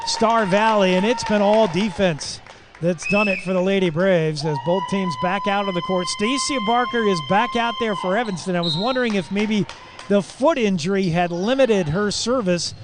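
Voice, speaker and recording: A man calling a high school girls basketball game live on local radio, with quick, excitable calls that jump into shouts on big plays and folksy asides to listeners. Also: noisy background. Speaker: play-by-play announcer.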